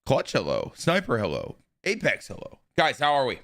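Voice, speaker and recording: A man's voice: mid-range voice, huge pitch swings, moderate pace, vocal fry, a bit bright. A young man streaming live, talking casually and with energy to his chat and greeting viewers by name.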